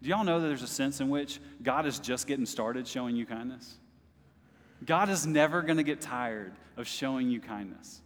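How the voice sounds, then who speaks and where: A man's voice: mid-range voice, normal speed. A male pastor preaching a sermon to his congregation, speaking directly to them and rising to impassioned bursts. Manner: talks directly to the congregation as "y'all". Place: church service. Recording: long hall reverb.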